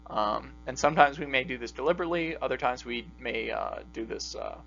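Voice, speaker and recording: A man's voice: mid-range voice, creaky, a bit bright. A man teaching a logic class in a casual, filler-heavy lecture style. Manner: casual, many fillers and pauses. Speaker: logic instructor. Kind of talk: recorded lecture. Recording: dull lo-fi recording with faint mains hum.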